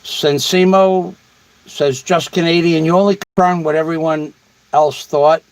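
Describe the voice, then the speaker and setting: A man's voice: on the high side, steady tone, a little slow, rough recording. Blunt, profane male livestream host. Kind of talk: casual livestream chat reading comments.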